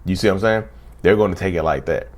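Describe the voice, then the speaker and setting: A man's voice: low voice, quick pace. A man hosting his own channel, talking casually and repetitively to viewers, often saying "y'all". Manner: conversational, repeats himself, often says "y'all". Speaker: channel host. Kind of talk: casual talk to camera.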